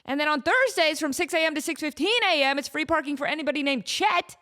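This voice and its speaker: Animated, laughing woman podcast host. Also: sits high, fast, hardly any pauses. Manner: animated, rambling, frequent laughter. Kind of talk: casual storytelling monologue.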